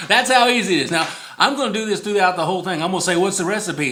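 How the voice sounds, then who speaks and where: A man's voice: high voice, expressive, fast, sharp tone. A man chatting casually through a home cooking video, rambling, easily distracted and laughing often, repeating the recipe in a sing-song.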